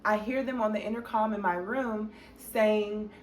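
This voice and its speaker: A young woman vlogger telling a storytime in an animated, expressive way, with many fillers. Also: mid-range voice, normal speed. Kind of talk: storytime narration. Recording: echoey room with faint noise.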